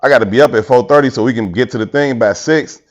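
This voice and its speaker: A man's voice: mid-range voice, fast. A tired man co-hosting a podcast, telling a story in casual chat and acting out quotes. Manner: animated, acts out quotes, laughs often. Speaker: podcast co-host.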